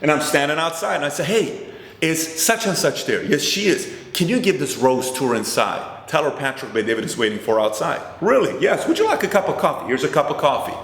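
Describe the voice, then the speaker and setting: Male host, motivational storyteller, lively and expressive, reverberant hall sound. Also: on the high side, a little fast. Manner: animated, acts out both sides of conversations. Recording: roomy hall with long reverb.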